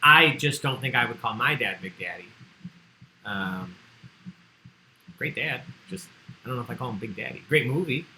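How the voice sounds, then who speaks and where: A man's voice: medium pitch, animated, moderate pace, pauses often, pushed and bright, slight background noise, rough recording. A man hosting an online trivia livestream, chatty and joking as he reads out the answers people sent in. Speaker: trivia host.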